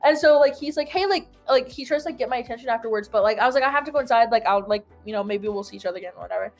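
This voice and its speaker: A woman's voice: a little high, racing, soft background music. A young woman casually telling a long story, full of "like" fillers and acted-out quotes. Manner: rambling, filler-heavy "like", animated retelling. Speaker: host.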